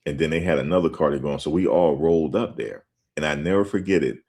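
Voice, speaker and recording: A man with a very deep voice tells a story in a loose, conversational way. He talks straight to his listeners and gets animated as he goes, like a host chatting to his audience. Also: fast, slightly rough. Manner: animated, conversational, addresses listeners directly as "guys". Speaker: show host. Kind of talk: casual spoken storytelling and commentary.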